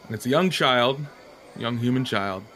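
A man running a tabletop game as game master, narrating with hesitant pauses and fillers. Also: medium pitch, expressive, pushed and bright, a little hiss or hum.

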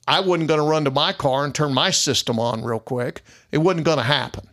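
A man's voice: a little high, fairly quick, a bit bright. A middle-aged man, a private investigator telling an indignant story in a casual monologue and acting out the other people's lines.

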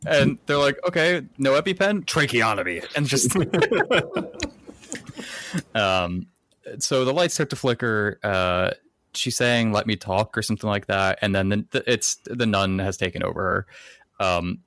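A man's voice: lowish voice, a bit bright, no room sound. A man co-hosting a podcast, recapping a movie plot in a casual, rambling way with lots of fillers. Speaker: podcast co-host.

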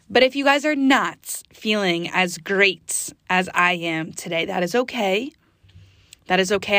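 A woman from the US East Coast hosting her own positivity podcast, talking in a chatty, energetic way with sudden high exclamations. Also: no room sound, clean studio sound. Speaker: podcast host. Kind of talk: upbeat motivational podcast monologue.

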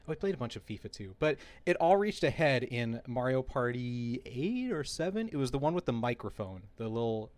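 A man hosting a casual podcast chat, telling stories in an animated way and laughing often. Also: mid-range voice, a little fast, hardly any pauses. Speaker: podcast host.

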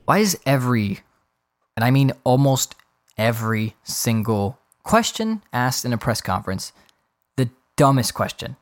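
A man's voice: medium pitch, expressive, a little slow. Exasperated, profane man ranting on a podcast. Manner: exasperated, profane, mocks others in put-on voices. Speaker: podcast host. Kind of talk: casual solo rant.

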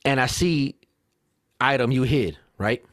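A man on a podcast, ranting in casual chat, profane and animated, punctuating points with "right?". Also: mid-range voice, unhurried, dry recording, clean studio sound. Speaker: podcast co-host.

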